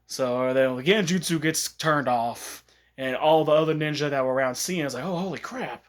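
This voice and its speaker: A man's voice: mid-range voice, normal speed. A man casually retelling a fan-made story, rambling, with many fillers.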